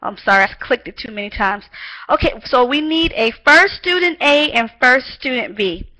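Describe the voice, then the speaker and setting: Woman teaching english online, cheery and praising, high bright voice. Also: animated, moderate pace, poor audio. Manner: encouraging, lots of praise.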